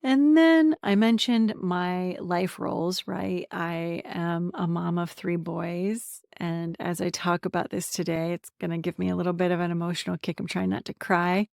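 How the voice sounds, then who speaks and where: Dry-sounding low woman with gravelly edge. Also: normal speed, hardly any pauses, no echo. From central Pennsylvania, USA. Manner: warm, candid, self-deprecating, chatty lists. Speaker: podcast host and coach. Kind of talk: personal monologue to camera.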